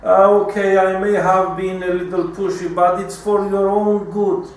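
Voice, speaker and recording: A man's voice: sits high, flat delivery, measured pace, pitched above the performer's own voice. A man voicing a manipulative middle-aged mother, whiny and pleading in a theatrical way. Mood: coaxing. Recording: echoey room, mic far off.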